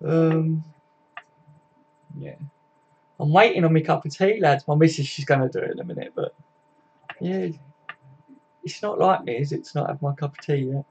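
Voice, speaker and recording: Young male stream host, slightly high voice, chatty, matey, reads comments aloud. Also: normal speed, long pauses, a little mellow, lo-fi sound, a little hiss or hum. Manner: chatty, full of tag questions and "mate". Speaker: fan channel host. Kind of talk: casual live-stream chat reading viewer comments.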